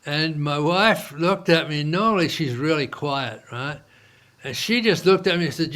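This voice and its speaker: This entrepreneur guest, speaking a little high and at a measured pace, casually tells an interviewer about his business. His loose speech is full of fillers, and he's an animated storyteller who performs the dialogue he quotes.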